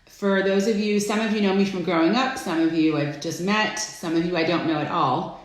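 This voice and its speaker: A woman's voice: fairly low pitch, moderate pace. Chatty woman host in an echoey room. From Florida. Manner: chatty, greets viewers by name with bursts of excitement. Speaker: host of a live stream. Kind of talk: casual live-stream chat.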